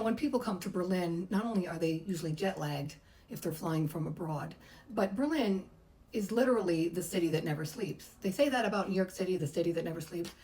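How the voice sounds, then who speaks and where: A woman's voice: lowish voice, dark tone, low-quality recording. A middle-aged woman, a massage therapist, chattily telling a personal story and acting out the voices she quotes. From United States.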